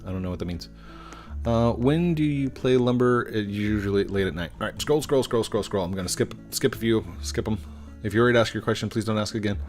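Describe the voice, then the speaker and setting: A man's voice: lowish voice, a little fast. A middle-aged man hosting a casual live stream, reading viewer questions aloud in a chatty, goofy way and stumbling over usernames. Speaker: game streamer. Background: faint guitar music.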